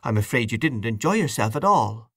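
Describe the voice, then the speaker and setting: A man's voice: medium pitch, very animated, a little fast, fairly bright tone, slightly rough, dry recording, studio quality. A man reading an audiobook voices a young woman hostess who coaxes her guests cheerfully. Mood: pleading.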